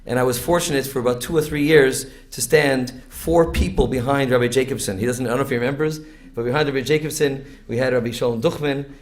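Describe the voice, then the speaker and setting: Brief: male introducer, mid-pitched voice, reminiscing casually. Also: steady tone, fast, few pauses. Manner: personal, reminiscing. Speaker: event introducer. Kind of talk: speech introducing a speaker.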